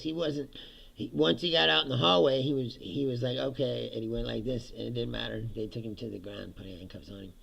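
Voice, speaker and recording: A man's voice: fairly high pitch, gravelly, sharp tone. A middle-aged man hosting a livestream, giving sarcastic political commentary with frequent laughter and swearing. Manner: sarcastic, laughs often, swears, mimics others. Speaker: livestream host.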